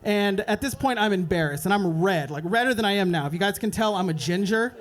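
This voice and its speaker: A young man doing a stand-up set at an open mic night, telling a rambling story and dropping into quick voices for the people in it. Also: high voice. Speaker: stand-up comedian. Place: open mic comedy club.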